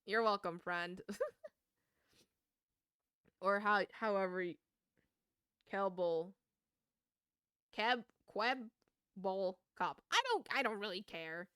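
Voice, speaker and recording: Bright ranting young woman streamer. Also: medium pitch, clear, resonant tone, no echo, clean studio sound. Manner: ranting, swearing, quick laughs. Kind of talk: casual gaming stream chat.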